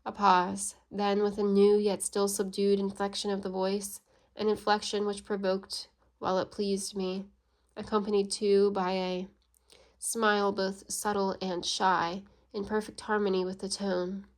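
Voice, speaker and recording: A woman reading a classic novel aloud in an even, measured way, giving the quoted lines only a light touch of voice. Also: medium pitch. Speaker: audiobook reader.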